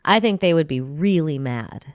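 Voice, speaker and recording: A woman's voice: low voice, expressive, normal speed, no room sound, clean studio sound. A woman co-hosting a podcast, chatting casually with an easygoing manner. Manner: easygoing, frequent laughter. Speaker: podcast co-host. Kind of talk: casual chat.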